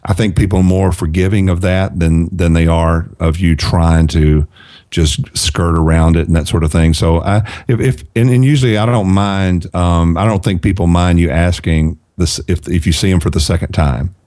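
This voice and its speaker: A middle-aged man with a very deep voice talks as a podcast guest. He gives earnest advice and repeats phrases for emphasis. His tone is dark and mellow, and the sound is dry. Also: fairly even intonation, moderate pace, no echo. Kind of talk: casual podcast conversation.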